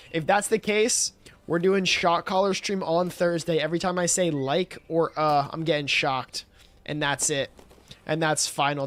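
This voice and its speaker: A man's voice: fairly high pitch, a bit bright. A man livestreaming who chats casually, rambling, swearing and laughing as he talks. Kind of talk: casual stream chat.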